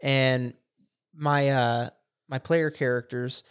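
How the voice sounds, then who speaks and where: A man chatting on a casual podcast, telling a long story with animated, expressive delivery. He swears easily and slips into quick impressions of the characters he describes. His pitch sits in an ordinary male middle range. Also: clear, resonant tone, no room sound, clean studio sound. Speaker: podcast co-host. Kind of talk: casual chat.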